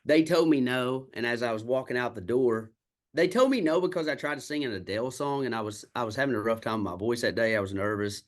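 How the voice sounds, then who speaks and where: Speaking fast with a drawl at an ordinary middle pitch, a Kentucky country singer-songwriter shares stories of his road to music in a casual interview. He's candid and salty, playing out each quoted exchange as he goes.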